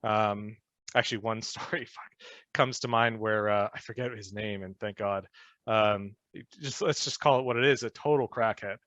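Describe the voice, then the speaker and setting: Rambling, bright-voiced man telling stories. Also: fairly low pitch, fairly even intonation, moderate pace, dry recording, muffled recording. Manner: rambling, swears, laughs often. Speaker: podcast guest, former band musician. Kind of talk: casual storytelling chat.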